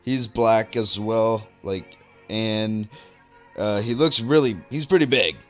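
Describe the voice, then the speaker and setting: Young dude, kinda low voice, rambling swear-y storytime vlog. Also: male voice, takes it slowly, soft background music. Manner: rambling, profane, animated storytelling. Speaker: vlogger. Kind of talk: casual storytime.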